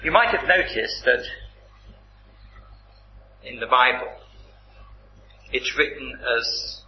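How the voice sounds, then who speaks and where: A man preaching a sermon, teaching from the Bible in a measured, emphatic way. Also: mid-range voice, animated, slight background noise. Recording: roomy, slightly dull recording.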